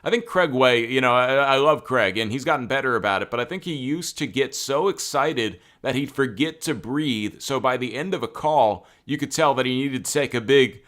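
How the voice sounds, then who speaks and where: Man with a bright, smooth voice. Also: mid-range voice, normal speed, few pauses. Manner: conversational, many fillers, animated when excited. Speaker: co-host. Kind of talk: casual chat.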